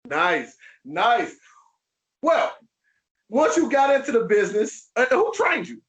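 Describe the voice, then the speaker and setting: Hyped podcast host, very high voice. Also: male voice, big pitch swings, slow pace, a bit bright, echoey room. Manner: hyped, slangy, laughing asides. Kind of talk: casual interview.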